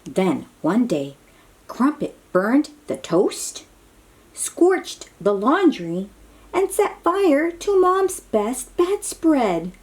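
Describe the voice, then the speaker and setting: A woman's voice: high-pitched, big pitch swings, extremely slow. A woman reading a picture book aloud to young children, with exclamatory, chatty asides to her little listeners. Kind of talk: read-aloud storytelling for children.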